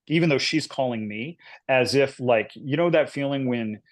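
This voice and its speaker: A man's voice: mid-range voice, moderate pace. A man in his forties, an illustrator and guest, telling his career story in a rambling, casual way full of fillers. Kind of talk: casual interview chat.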